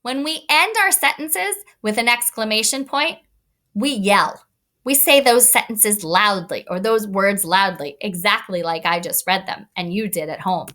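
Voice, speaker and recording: A woman teacher giving an online read-aloud lesson to young children, talking in an expressive, kid-directed way. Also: medium pitch, a little slow. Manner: animated, expressive teacher voice addressing kids. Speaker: elementary school teacher.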